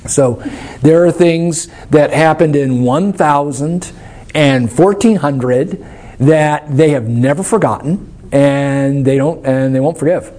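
Guy teaching a church class, kinda high voice but soft and mellow, thinks out loud, a bit wry. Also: slow pace. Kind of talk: informal teaching talk, answering questions.

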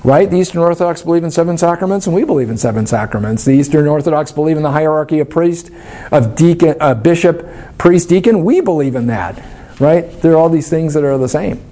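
A man's voice: fairly high pitch, expressive, fast, dark tone. A man leading a church study class, explaining things in an informal, thoughtful and wry way while answering questions.

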